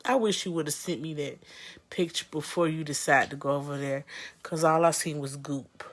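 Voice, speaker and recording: A woman's voice: low-pitched, normal speed. A woman appearing as a guest friend, giving emphatic, disgusted, profane commentary in casual talk.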